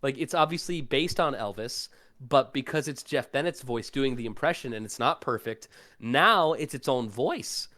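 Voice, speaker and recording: A man's voice: medium pitch, lively intonation, moderate pace, pushed and bright. A young adult man, a guest voice actor, talking casually on a podcast with loose, rambling speech full of fillers.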